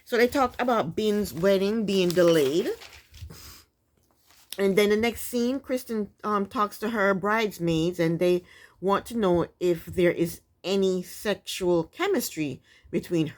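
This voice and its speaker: Female recap vlogger, chatty and opinionated, lively, expressive delivery. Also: medium pitch. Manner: blunt, sassy, chatty with frequent asides.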